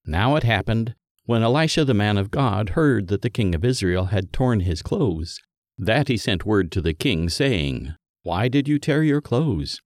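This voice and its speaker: Low-voiced man reading scripture solemnly. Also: expressive, a little slow, no room sound, studio quality. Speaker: scripture reader. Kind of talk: scripted liturgical Bible reading.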